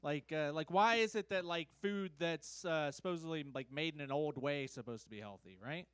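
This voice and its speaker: A male comedian working through observational stand-up, checking in with the crowd as he goes. His voice is smooth and a touch high, and the sound is close and dry. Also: brisk, fairly bright tone, dry recording. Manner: rambling observational delivery with many "right?" checks. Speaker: comedian contestant. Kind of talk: stand-up set.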